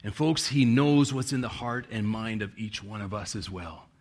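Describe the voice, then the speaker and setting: A man's voice: on the low side, moderate pace, a little mellow. A male pastor preaching a sermon, reading scripture with strong emphasis and chuckling now and then.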